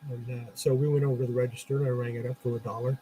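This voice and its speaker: A man's voice: medium pitch, little pitch movement, rapid-fire, warm tone, a little hiss or hum, poor audio. A middle-aged man, a former comic shop owner, chatting casually and telling anecdotes with frequent laughs. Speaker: comic shop owner turned podcast host. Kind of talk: casual storytelling chat.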